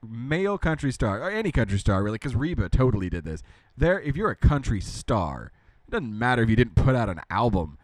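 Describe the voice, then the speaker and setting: A man's voice: mid-range voice, big pitch swings, fairly quick, no echo. A man co-hosting a casual podcast chat, joking and rambling in an easy, playful way. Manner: jokey, slips into goofy mumbled drawl. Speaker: podcast co-host.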